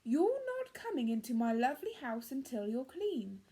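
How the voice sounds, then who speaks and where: A woman's voice: high voice, very animated, moderate pace, dark tone, breathy edge, exaggerated voice. A woman doing a strict, house-proud mum. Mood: scolding.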